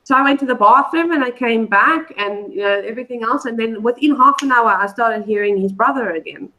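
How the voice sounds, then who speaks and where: A woman's voice: fairly high pitch, fairly quick, pushed and bright, low-quality recording. A woman, a guest on a live online show, telling a personal story in a loose, rambling way full of fillers and restarts. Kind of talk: casual storytelling.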